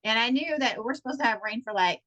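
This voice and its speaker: Lively high-voiced woman telling stories. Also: fast, low-quality recording. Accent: Texan. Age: adult, married. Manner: animated, acts out quotes with big pitch jumps. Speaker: podcast co-host. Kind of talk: casual chat, animated storytelling.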